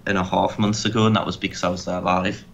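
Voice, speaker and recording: A man co-hosting a casual gaming commentary, animated, sarcastic and sweary. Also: low-pitched, fast talker, vocal fry, muffled recording, a little hiss or hum. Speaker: co-host.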